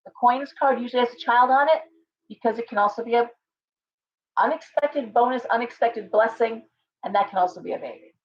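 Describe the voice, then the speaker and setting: A woman's voice: fairly high pitch, fairly quick. Chatty woman reading tarot on a lo-fi stream. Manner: chatty and rambling, with frequent restarts and asides. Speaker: tarot reader, livestream host. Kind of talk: casual livestream tarot reading. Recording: dull lo-fi stream audio.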